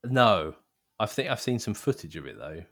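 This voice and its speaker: A man co-hosts a casual podcast and chats in a low voice. His pitch swings up and down a lot as he talks. He cracks dry jokes and laughs easily. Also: sing-song, moderate pace, fairly bright tone. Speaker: podcast co-host. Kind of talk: casual chat.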